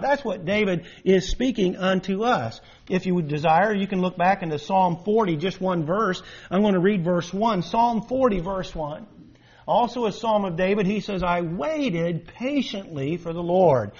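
A man with a high, light voice preaches a sermon with earnest conviction, leaning on scripture and slowing down to stress key lines. The sound is dull and lo-fi. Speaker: pastor.

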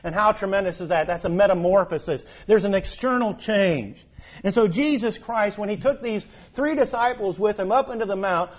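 A man preaching a sermon in an animated way, with emphatic rises and rhetorical questions. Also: high-pitched. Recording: dull lo-fi recording.

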